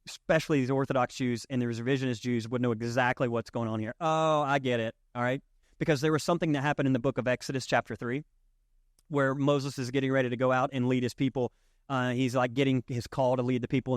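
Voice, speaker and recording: A man's voice: medium pitch, steady tone, brisk, no room sound, clean studio sound. A male pastor preaching a sermon in a conversational way, often checking in with his listeners.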